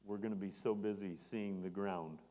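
A man delivers a sermon in a deep, mellow voice. He speaks earnestly and grows emphatic when quoting scripture. The long reverb of a church hall trails behind his words. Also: steady tone, moderate pace. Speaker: preacher.

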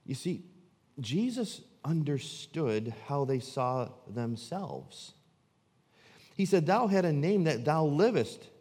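A man's voice: sing-song, slow, breathy edge. Preaching man in a reverberant hall. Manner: dramatic swings between loud emphasis and hushed low delivery. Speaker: pastor. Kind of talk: sermon.

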